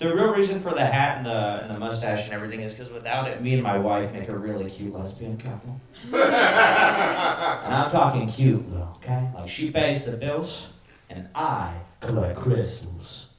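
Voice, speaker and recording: A man from Dallas, Texas performs a crude stand-up set on a comedy club stage before a live audience, laughing at his own jokes. His medium-pitched voice is animated and a bit bright, at normal speed, and he sounds far from the mic. The echoey club mic picks up the audience's laughter.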